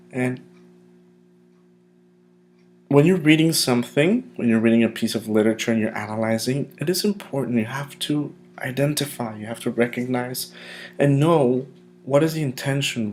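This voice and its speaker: Man as a patient classroom teacher leading a vocabulary lesson, modeling each word slowly for students to repeat. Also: mid-range voice. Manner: slow, deliberate modeling of pronunciation; patient and encouraging.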